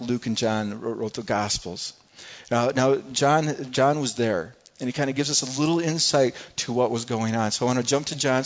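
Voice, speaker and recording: A man's voice: medium pitch, muffled recording. A man preaching a sermon in a conversational way, often repeating words and acting out what people in the story said. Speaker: pastor.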